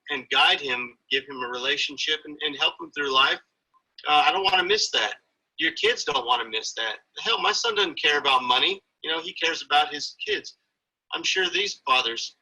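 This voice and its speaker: A man with a husky, bright and forceful voice speaks earnestly in an interview. He sounds motivational, pressing his points about fatherhood and health. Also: a little high, poor audio. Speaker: guest, father. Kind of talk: interview conversation.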